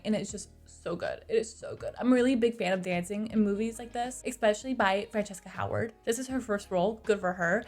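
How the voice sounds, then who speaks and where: A woman's voice: mid-range voice, darkish tone. A young woman recapping a movie in a casual, chatty way, with sarcastic asides, recorded on a close mic. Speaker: movie reviewer.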